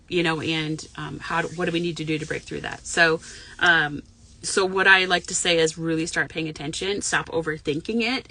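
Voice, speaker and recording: Woman medium in her car, loose rambling delivery, salty language, a bright, slightly low voice. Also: creaky. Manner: frank, profane, rambling with many fillers. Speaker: intuitive medium and spiritual mentor. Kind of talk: casual live chat to viewers. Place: parked car.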